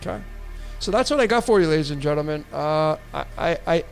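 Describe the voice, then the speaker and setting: High-pitched guy doing a tarot livestream, rambly, swears casually, faint music. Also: animated, a little fast, vocal fry. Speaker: tarot reader and livestream host.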